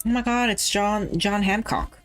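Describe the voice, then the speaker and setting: A woman's voice: medium pitch, fairly even intonation, moderate pace, faint music behind. A woman VTuber streaming casually while a little tipsy, rambling off topic, swearing and laughing. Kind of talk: casual livestream chat.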